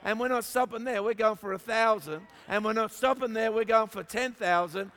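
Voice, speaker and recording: A man's voice: high-pitched, normal speed, a bit bright. A man with an Australian accent preaching a sermon, telling funny stories from his youth and building up with emphatic repetition. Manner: storytelling with humor, emphatic repetition. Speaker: pastor. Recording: long hall reverb.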